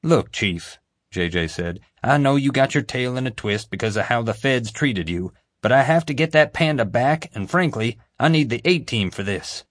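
A man's voice: mid-range voice, expressive, normal speed, no room sound, studio quality, pitched above the performer's own voice, lightly acted. A male narrator voicing an angry, blustering boss in an audiobook. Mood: firm. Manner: angry, emphatic. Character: gruff blustering male boss, quick-tempered.

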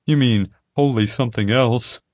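A man's voice: mid-range voice, moderate pace, a little mellow, no echo, pitched above the performer's own voice, close to an everyday voice. A male audiobook reader voicing a chatty, lonely young female panda keeper who eagerly rattles off facts. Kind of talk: audiobook character voice. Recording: dry close studio sound.

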